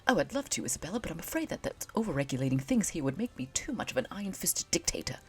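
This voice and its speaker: A woman's voice: lowish voice, very animated, fast, pitched above the performer's own voice. A woman voicing a smug, bossy male resident advisor with a mock-pompous manner.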